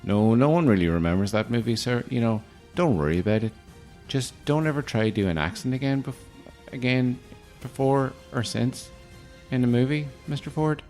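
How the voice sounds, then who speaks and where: A man's voice: medium pitch, normal speed, hardly any pauses, darkish tone, voice pushed up, lightly acted. Man playing a chatty, teasing Northern Irish heavy who rambles, with faint music behind. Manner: rambling, teasing, mock-formal "Mister Ford".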